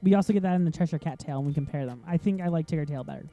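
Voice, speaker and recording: A man talking through a racing game in a relaxed let's-play ramble, his voice soft and mellow. He drifts from topic to topic, stacking up ums and restarts as he goes. Faint game music sits quietly underneath. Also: fairly high pitch, rapid-fire, muffled recording. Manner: rambling, chatty, easily sidetracked, lots of ums. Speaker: gaming channel host. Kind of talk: casual let's-play commentary.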